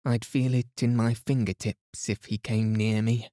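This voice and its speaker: A man's voice: mid-range voice, level tone, unhurried, dark tone, no room sound, studio quality, natural voice. A man putting on a curt, blunt lady. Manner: clipped, curt phrases. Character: brisk blunt middle-aged Englishwoman.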